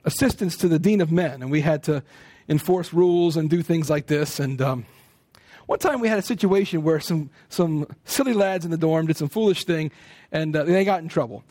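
An American man preaching a sermon, telling stories in an animated way and acting out what people say. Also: fairly high pitch, no room sound. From United States. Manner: animated storytelling, acting out quoted speech.

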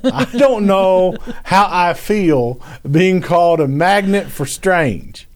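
A man co-hosting a podcast, jokey and halting, laughing easily between thoughts. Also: sits high, animated, slight background noise. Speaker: podcast co-host. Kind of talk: casual chat.

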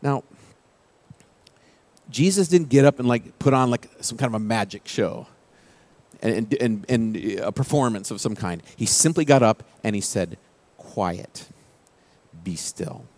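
A male pastor preaching a sermon in a conversational way, dropping his voice low and quiet for key quoted phrases. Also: expressive, normal speed, no echo.

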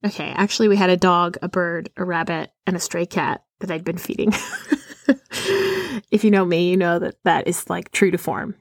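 A woman's voice: lowish voice, steady tone, moderate pace, long pauses, dry recording, studio quality. A woman from Arizona hosting a podcast, telling a personal story in a chatty way and laughing often between sentences. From Arizona, USA. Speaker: podcast host.

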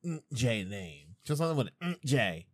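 A man in his thirties co-hosting a podcast, chatting casually, playful and animated, swearing freely. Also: medium pitch, normal speed, dry recording. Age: 30s. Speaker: podcast co-host. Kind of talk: casual chat. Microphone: studio microphone.

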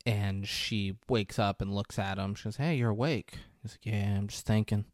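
A man's voice: lowish voice, steady tone, moderate pace, a little mellow, dry recording, studio quality. A man in a casual podcast chat, retelling a movie's scenes and quoting the characters' lines, often laughing. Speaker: podcast co-host recapping a film.

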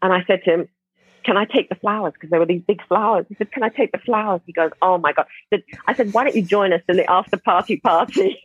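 A woman tells a story to a podcast host with plenty of laughter and false starts. Her voice comes through husky and dry over a tinny phone line. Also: mid-range voice, no room sound. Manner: animated, laughing, many restarts. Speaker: podcast guest. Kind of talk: casual storytelling.

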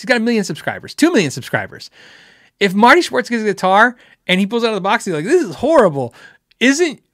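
A man with a high, slightly bright voice hosts a live guitar show, chatting casually with viewers and answering their questions. He rambles and laughs while acting out quotes. The sound is studio quality with no room sound.

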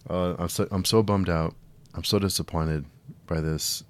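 Male podcast host, very low voice, casual exasperated film talk. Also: fairly even intonation, normal speed, smooth. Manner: conversational, frequent restarts, exasperated. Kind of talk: solo film review podcast.

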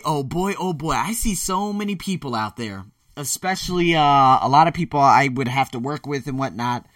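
Animated rambling New man. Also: on the high side, dry recording, clean studio sound, far from the mic. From the Bronx, New York. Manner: rambling, animated storytelling with self-mocking asides. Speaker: podcast host. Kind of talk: casual solo podcast monologue.

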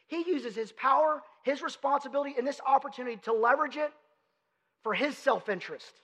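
A man's voice: very high-pitched, animated, a little fast, fairly bright tone. A man, a pastor, preaching a conversational sermon full of emphatic rhetorical questions. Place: church sanctuary. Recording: long hall reverb.

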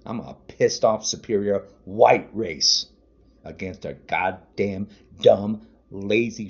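A man's voice: on the low side, slow. A man podcasting an angry political rant, furious and repetitive, hurling insults. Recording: dull lo-fi audio.

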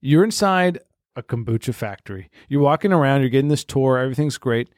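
A man's voice: mid-range voice, expressive, darkish tone, dry recording, clean studio sound. A man co-hosting a podcast, telling absurd stories in second person and swearing freely. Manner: rapid, profane storytelling in second person. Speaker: podcast co-host. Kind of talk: casual comedic chat, improvised stories.

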